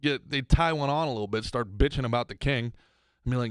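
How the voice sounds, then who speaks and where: A man co-hosting a comedy podcast, ranting in a casual, animated way that swings from loud outbursts to mumbled asides. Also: mid-range voice, quick pace, smooth, dry recording, clean studio sound. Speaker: podcast co-host.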